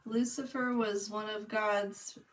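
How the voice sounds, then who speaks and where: This livestreaming artist talks slowly in a mid-range voice with fairly even intonation, with soft music playing behind her. She paints while chatting casually, addressing viewers by name and laughing a lot, her voice a bit distant from the mic.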